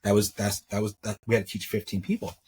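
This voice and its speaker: A man's voice: fairly low pitch, little pitch movement, fast, darkish tone, slightly rough. A middle-aged man, a jewelry maker, telling his story in a rambling, casual way, repeating words and acting out what others said. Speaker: interview guest, metalsmith.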